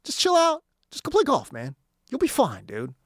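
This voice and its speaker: A man's voice: extremely high pitch, huge pitch swings, normal speed, a bit bright, no room sound, clean studio sound. A man in his thirties with an American accent, hosting a sports radio show and ranting in a casual, slangy, exasperated way. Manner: slangy and exasperated, says bro, dude, dog. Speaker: radio sports talk host. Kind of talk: casual opinion rant. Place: radio studio.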